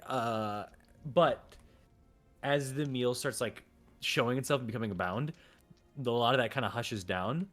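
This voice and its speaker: A man's voice: medium pitch, a little slow, long pauses, fairly bright tone, soft background music. A man running a tabletop game as game master, narrating in a rambling, self-correcting way with many fillers.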